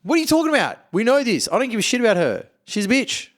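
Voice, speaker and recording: A man holding forth in a loose podcast conversation, swearing freely and arguing his point with a pitch that jumps all over the place. His delivery is blunt and rowdy, more rant than discussion. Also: fast talker. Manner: blunt, heavily profane, animated ranting. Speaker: podcast co-talker. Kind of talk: casual podcast chat.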